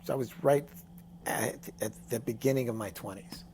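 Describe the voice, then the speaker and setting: A man in his sixties, a songwriter guest telling a story in a casual interview, animated and acting out the voices of people he quotes. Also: mid-range voice, moderate pace, a little hiss or hum. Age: 60s.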